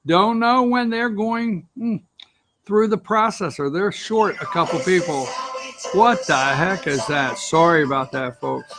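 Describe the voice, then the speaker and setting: A man's voice: high voice, a little slow, a bit bright, soft background music. A man hosting an opinion talk show, ranting with sarcastic, rambling asides.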